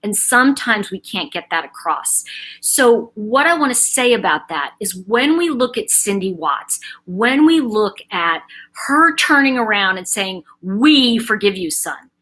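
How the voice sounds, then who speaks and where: A woman's voice: medium pitch, big pitch swings, measured pace, bright, forceful tone. A woman hosting a casual commentary monologue, chatty and digressive, telling stories from her teaching life with quoted asides. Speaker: host, spiritual teacher.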